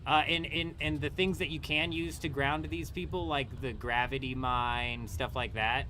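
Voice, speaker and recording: A man's voice: mid-range voice, steady tone, moderate pace, background noise. A young man streaming a game live, ranting and swearing at its combat mechanics. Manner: frustrated, profane, ranting. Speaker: gaming streamer. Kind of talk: live gameplay commentary.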